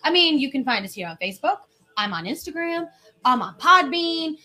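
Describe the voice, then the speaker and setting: A high-pitched woman hosts a casual podcast chat. She is chatty and enthusiastic and laughs easily as she talks with her co-host. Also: big pitch swings, brisk, pushed and bright.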